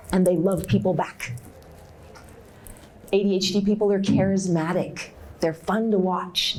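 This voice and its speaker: Lively, expressive woman giving a workshop talk. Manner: animated, acts out inner voices with big pitch jumps; direct and encouraging, with laughs. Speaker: conference speaker. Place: conference room.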